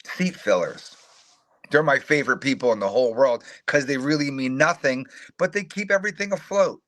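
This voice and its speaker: A middle-aged man, a retired fighter, telling animated, profane, self-mocking stories in a casual interview and acting out the voices of others. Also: medium pitch, moderate pace.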